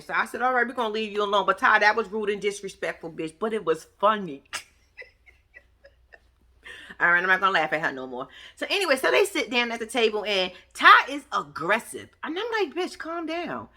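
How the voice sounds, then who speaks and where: Bright-voiced woman in a profane vlog rant. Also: a little high. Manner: animated, profane, trash-talking. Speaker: vlogger recapping a reality show. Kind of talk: casual commentary vlog.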